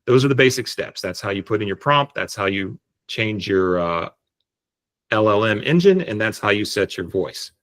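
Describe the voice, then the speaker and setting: A man explaining step by step how to set up an AI voice agent, speaking on a video call in a relaxed, explanatory way. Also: on the low side, moderate pace. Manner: relaxed, explanatory, frequent restarts. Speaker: tutorial presenter. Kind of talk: screen-share software tutorial.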